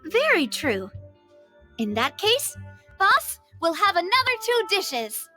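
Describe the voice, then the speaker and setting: A woman's voice: very high voice, very animated, slow, bright, forceful tone, heavily acted. A woman voicing a cheerful, generous young noblewoman in a video game, gracious and playful. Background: game music.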